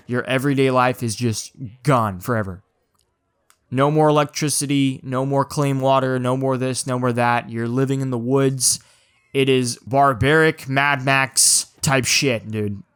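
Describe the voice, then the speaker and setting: A man's voice: mid-range voice, no room sound, clean studio sound. A man hosting his own video channel, talking to the camera in an urgent, informal way and often dropping "dude" and "man". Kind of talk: casual monologue to camera.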